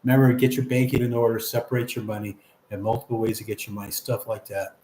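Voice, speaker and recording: A man's voice: on the low side, fairly even intonation, quick pace, mellow, echoey room, a little hiss or hum. A man hosting a casual livestream, reading viewer comments aloud and chatting back in an encouraging, easygoing way.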